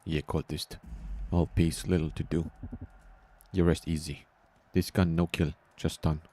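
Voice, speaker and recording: A man's voice: a bass voice, level tone, unhurried, dark tone. A man voicing a blunt male rebel character who talks in broken English, dropping small words. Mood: bossy.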